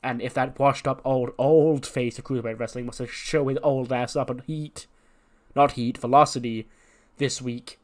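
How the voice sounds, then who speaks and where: A man's voice: mid-range voice, fairly even intonation, moderate pace, lightly acted. A man voicing a cocky male cruiserweight wrestler who boasts and trash-talks. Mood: boastful.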